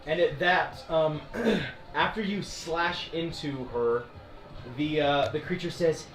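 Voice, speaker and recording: A man narrating a tabletop game as dungeon master, animated and often laughing. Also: fairly high pitch, takes it slowly. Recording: echoey room with music.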